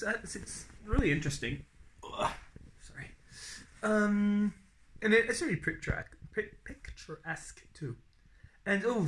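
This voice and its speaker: A man's voice: fairly high pitch, fairly bright tone. A young man telling the story of his day in a casual spoken travel diary, rambling with many fillers and restarts and acting out what people said to him. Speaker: traveler recording a daily diary.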